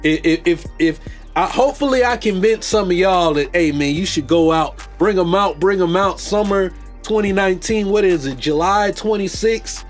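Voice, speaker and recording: A man's voice: high voice, moderate pace, soft background music. A man hosting a podcast, riffing loosely about movies with jokes, slang and restarts. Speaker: podcast host. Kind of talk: casual movie commentary.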